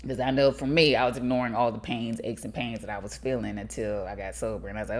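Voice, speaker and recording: A middle-aged American woman hosts a podcast, offering casual advice directly to her listeners. She's lively, laughs easily, and has a bass voice.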